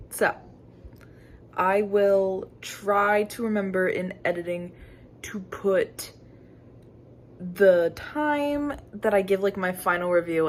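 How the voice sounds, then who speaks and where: A young woman talks through a novel as she reads it for her vlog, slow and drawn-out in her delivery. She mulls things over aloud, breaking into giggles, gasps and squeaky outbursts, with a faint hiss of noise behind her. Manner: thinking aloud, reacting to a book with giggles, gasps and sudden high exclamations. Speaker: book vlogger. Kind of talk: casual reading vlog.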